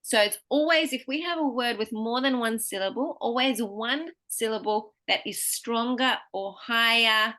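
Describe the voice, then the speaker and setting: A woman's voice: on the high side, normal speed, hardly any pauses, pushed and bright. A woman teaching pronunciation one-to-one online, who patiently explains syllable stress and encourages her student.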